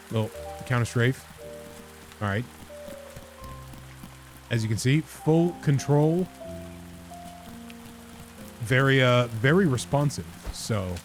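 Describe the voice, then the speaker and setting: A man giving casual, rambling let's-play commentary, often laughing at himself. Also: medium pitch. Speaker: game streamer.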